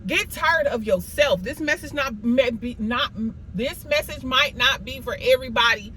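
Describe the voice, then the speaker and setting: A high-pitched woman delivers a motivational self-talk monologue. She repeats her points over and over in an emphatic, preachy way and scolds herself as much as her viewers. A faint hiss of noise sits behind her voice. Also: moderate pace, pushed and bright, rough recording. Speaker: motivational vlogger.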